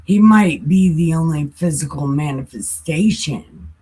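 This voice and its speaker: Woman, unhurried casual Bible teacher, husky voice, jokey asides. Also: sits low, warm tone. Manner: chatty, self-joking asides.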